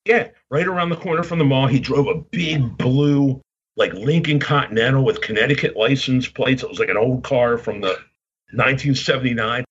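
A man's voice: mid-range voice, normal speed, breathy edge, dull audio. A man in his fifties from Baltimore, telling long rambling stories in casual podcast chat. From Baltimore, Maryland. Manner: rambling anecdotes, acts out quoted voices.

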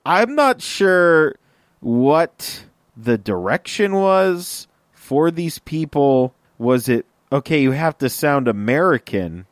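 A man's voice: fairly high pitch, big pitch swings, takes it slowly, no room sound, studio quality. A man co-hosting a casual podcast, laughing often and making exasperated asides. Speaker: podcast co-host.

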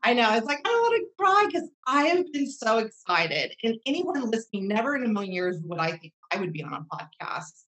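Bright-voiced woman telling heartfelt stories. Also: a little high, sing-song, brisk, hardly any pauses, poor audio. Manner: earnest, rambling, full of fillers and restarts. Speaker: podcast guest. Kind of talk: heartfelt casual storytelling.

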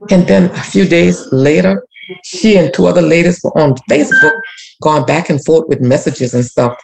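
A woman's voice: sits low, animated, moderate pace, gravelly. A woman telling an emotional personal story as a guest, repeating herself and speaking of prayer. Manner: emotional, repetitive, church-rooted testimony. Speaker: community activist guest.

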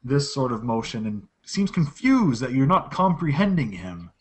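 Lively-voiced man narrating as game master. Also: mid-range voice, moderate pace, breathy edge. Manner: descriptive narration with frequent restarts.

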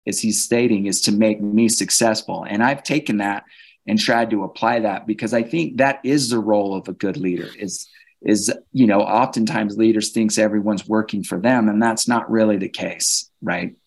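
Lower-voiced man musing on leadership. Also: fairly even intonation, normal speed, gravelly. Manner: thoughtful, restarts phrases. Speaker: podcast guest. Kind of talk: conversational interview.

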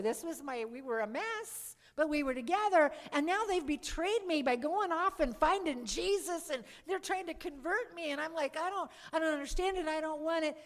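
A woman giving a lively testimony talk to a live audience, acting out her own past lines and asking the crowd questions. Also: sits high. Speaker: speaker giving a conversion testimony. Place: church or meeting hall. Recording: long hall reverb.

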